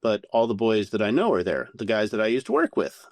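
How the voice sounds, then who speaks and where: A man telling a candid story as a podcast guest, animated and full of swearing. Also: lowish voice, a little fast, no echo, clean studio sound. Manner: profane, animated anecdote-telling.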